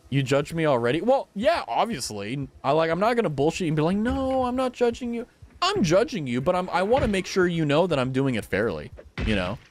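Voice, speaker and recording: A young man streaming a game, chatting casually with his viewers, animated and blunt, swearing freely. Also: fairly high pitch, normal speed, slight background noise. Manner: animated, swearing, talks to chat. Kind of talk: casual live-stream chat.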